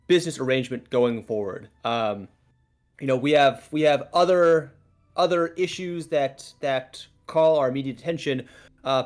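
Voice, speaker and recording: A man's voice: mid-range voice, natural voice. A man voicing his polite adventurer character, negotiating with many hesitations and overly courteous phrasing. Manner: halting, overly courteous diplomacy.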